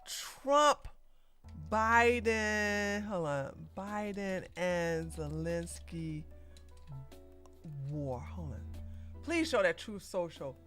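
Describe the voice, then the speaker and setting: A woman hosting a live-streamed political podcast, talking in an excitable, theatrical way and laughing often. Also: on the low side, drawn-out words, soft background music. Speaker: podcast host.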